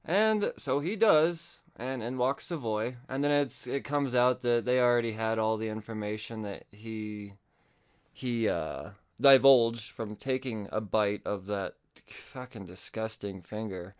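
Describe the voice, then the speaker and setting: A male podcast host casually recaps a comic book, swearing and slipping into quick voice impressions. His voice is medium-pitched and smooth, though the recording sounds muffled.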